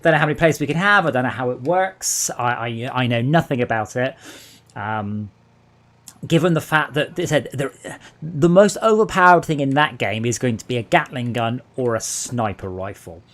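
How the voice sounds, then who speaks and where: Hosting a gaming stream late at night, an Englishman with a medium-pitched voice talks at a moderate speed. His casual chat wanders as he jokes around, telling stories in an animated, rambling way.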